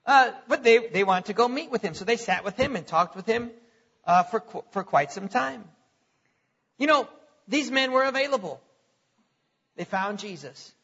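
A man's voice: high-pitched, animated, moderate pace, pauses often, fairly bright tone, slightly rough. A middle-aged man preaching a sermon in a conversational way, repeating words and chuckling between points. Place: church hall. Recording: lo-fi recording in a reverberant hall.

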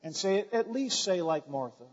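A male pastor preaching a sermon, swinging from quiet, slow lines to loud, impassioned passages. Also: high-pitched, expressive, lo-fi sound.

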